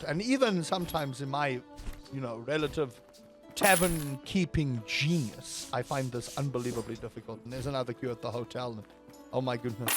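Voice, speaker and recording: A man giving playful, theatrical let's-play commentary over a game, now and then breaking into high panicked yelps. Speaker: gaming video creator.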